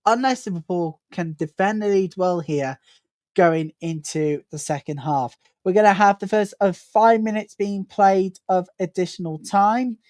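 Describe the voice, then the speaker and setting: A woman hosting a live football watchalong, giving chatty play-by-play and building excitement whenever an attack comes. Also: medium pitch, no echo. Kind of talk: live match commentary.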